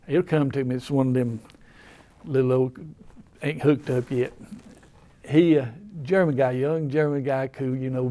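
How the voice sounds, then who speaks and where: A man's voice: medium pitch, mellow. An older man with an Appalachian accent, telling rambling, folksy stories in casual talk. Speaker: storyteller. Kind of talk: casual storytelling.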